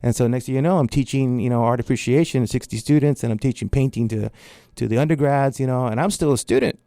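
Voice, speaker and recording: Guest, man in his fifties, gravelly and mellow-toned, rambles through stories and plays the other voices himself. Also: medium pitch, fast, no echo, studio quality. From Central Valley, California. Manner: rambling, acts out quoted dialogue, frequent restarts. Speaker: guest, artist and art teacher. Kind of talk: casual storytelling interview.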